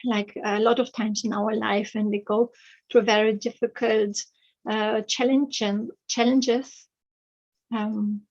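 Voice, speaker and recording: A woman telling a fairy tale aloud, slowly and hesitantly, with many fillers. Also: fairly high pitch, little pitch movement, a little mellow, highs cut off. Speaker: author and storyteller.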